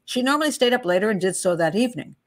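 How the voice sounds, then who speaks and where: A woman's voice: mid-range voice, expressive, racing. A middle-aged woman hosting a true crime channel, walking through a case file in a chatty, digressive way and laughing at her own asides. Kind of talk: casual case walkthrough, reading statements aloud.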